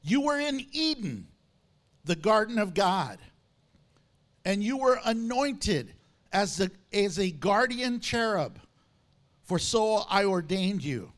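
Male pastor, high-pitched voice, animated sermon delivery with emphatic scripture readings. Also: slow, pauses often. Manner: animated preaching, reads scripture aloud with emphasis.

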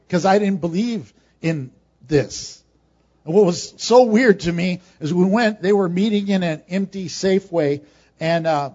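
A man preaching a sermon, swinging from emphatic, rising peaks to quiet, joking asides. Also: sits high. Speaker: pastor. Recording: dull lo-fi sound.

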